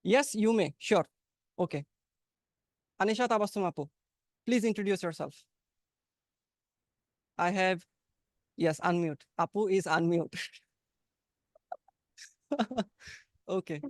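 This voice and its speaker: Bangladeshi accent, young man, high-pitched, dry call audio, chatty class host. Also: slow, long pauses, no echo. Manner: encouraging, chatty, playful. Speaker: English conversation practice host. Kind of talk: casual online class talk. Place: home, online webinar. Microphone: video call.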